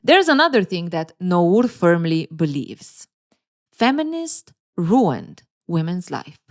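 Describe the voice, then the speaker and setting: A woman's voice: on the low side, slow. Sarcastic woman giving casual video commentary. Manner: sarcastic, teasing, laughs often; animated, playful asides. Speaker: relationship commentary YouTuber.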